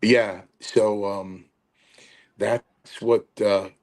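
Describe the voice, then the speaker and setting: Another wrestling podcast guest, he has a lowish voice and draws out his words. He's an animated storyteller in casual conversation, bringing quotes to life by acting them out.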